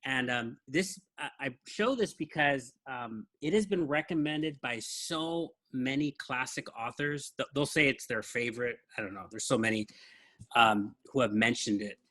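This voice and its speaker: A man hosting a podcast, chatting in a relaxed, thoughtful way about books he shows to a co-host. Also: mid-range voice, moderate pace. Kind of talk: casual book chat.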